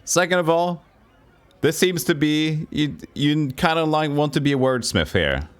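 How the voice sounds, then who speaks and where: A Norwegian man streaming a puzzle game, thinking aloud in halting, self-correcting English. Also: fairly high pitch, lively intonation, clean tone. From Norway. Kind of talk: live game commentary.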